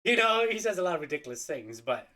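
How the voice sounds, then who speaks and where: A man's voice: fairly high pitch, very animated, quick pace, sharp tone. A man co-hosting a podcast in casual chat, rambling loosely. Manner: loose, rambling, lots of fillers. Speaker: podcast co-host.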